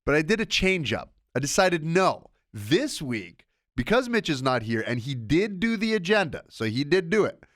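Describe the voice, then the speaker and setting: A man's voice: a little high, very animated, normal speed, fairly bright tone, dry recording, studio quality. A man hosting a sports podcast alone, talking in a rambling, self-interrupting, casual way. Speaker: podcast host. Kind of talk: casual solo podcast monologue.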